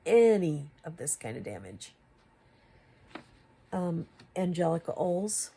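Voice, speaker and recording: Her fairly low, dark, slightly rough voice carries vocal fry and a sing-song lilt at a slow pace. She's a commentary YouTuber taking on another creator, pelting them with rhetorical questions until she reaches exasperated emphasis.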